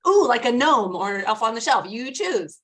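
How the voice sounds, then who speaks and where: Woman, slightly high voice, co-host, teasing, casual chat, video call. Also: very animated, a bit bright. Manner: quick teasing remarks, laughs often. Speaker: podcast co-host.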